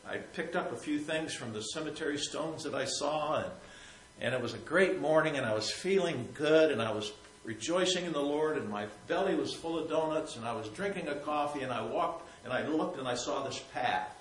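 A man telling a personal faith story in a rambling, repetitive way, sometimes growing soft and emotional. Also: on the high side, animated, a little fast, roomy sound, a little hiss or hum, poor audio. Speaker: Christian storyteller.

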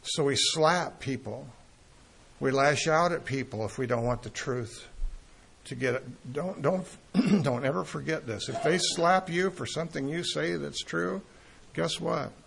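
Gravelly-voiced man preaching a sermon. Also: fairly high pitch, fairly bright tone, slight background noise. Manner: earnest, emphatic, with pauses and restarts.

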